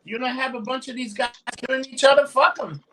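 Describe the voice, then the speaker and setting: A brash New York man with a high, bright voice, swearing and laughing through casual podcast banter. He sits a bit back from the mic on a lo-fi recording with a faint hiss behind him. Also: steady tone, a little fast, recorded from a distance. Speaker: podcast co-host.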